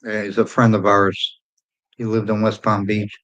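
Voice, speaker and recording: A man's voice: fairly low pitch, completely flat delivery, normal speed, fairly bright tone, lo-fi sound. A man hosting a livestream in casual chat, greeting and answering viewers by name. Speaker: livestream host.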